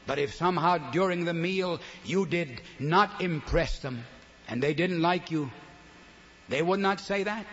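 An older man preaching a sermon, emphatic, swinging between loud declarations and soft, low asides. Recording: long hall reverb, dull lo-fi sound.

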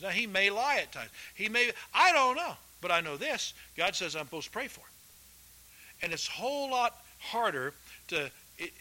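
A man preaching a sermon, rising loud for quotations and dropping low and quiet for folksy asides. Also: big pitch swings, normal speed, poor audio. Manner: folksy, addresses listeners as folks. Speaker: pastor.

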